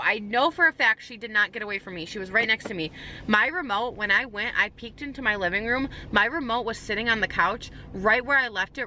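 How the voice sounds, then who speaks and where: Young woman vlogger, rattled storyteller, bright clear voice, faint background hum. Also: mid-range voice. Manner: shaken, rambling retelling with many "like"s and restarts. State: anxious. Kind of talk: storytime vlog.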